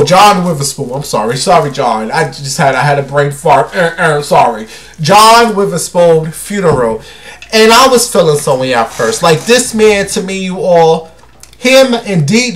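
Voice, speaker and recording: A man's voice: fairly high pitch, animated, unhurried, slight background noise. A young man hosting his own show, chatting casually and dramatically, calling listeners honey and baby. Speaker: host. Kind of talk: casual solo chat.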